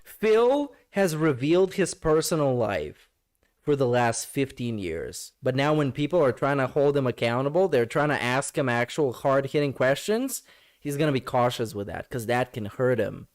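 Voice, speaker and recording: A man's voice: mid-range voice, animated, moderate pace. A man streaming a reaction to a clip, talking back at it with sarcastic, mocking, profane commentary.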